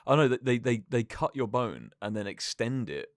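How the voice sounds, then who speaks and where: Rambling young man, lively pitch. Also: moderate pace, dry recording, studio quality. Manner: rambling, self-mocking storyteller. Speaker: podcast co-host. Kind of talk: casual chat.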